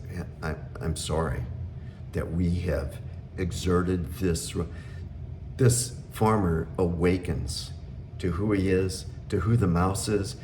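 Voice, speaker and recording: Earnest low-voiced man, reflective talk. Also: a little mellow, a little hiss or hum. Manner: earnest, unhurried, pausing often with fillers. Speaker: spiritual talk host.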